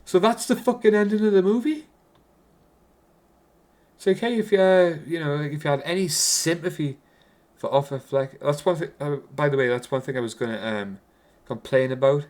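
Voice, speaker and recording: A man's voice: on the high side, fairly even intonation, moderate pace, a little mellow. A man with a Geordie accent giving a casual, rambling film review, swearing constantly and restarting his sentences.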